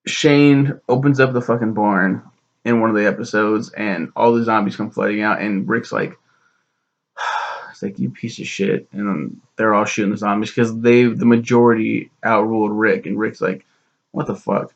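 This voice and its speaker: A man's voice: on the low side, fairly even intonation, normal speed, muffled recording. A young man rambling through a sarcastic, profane recap of a TV show, acting out the characters' lines as he goes. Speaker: show reviewer.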